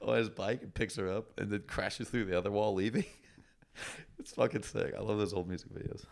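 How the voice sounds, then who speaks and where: A man's voice: lowish voice, fairly even intonation, brisk, gravelly. A man co-hosting a podcast, chatting casually and telling rambling stories, swearing often. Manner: rambling storyteller, swears a lot. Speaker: podcast co-host. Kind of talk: casual chat.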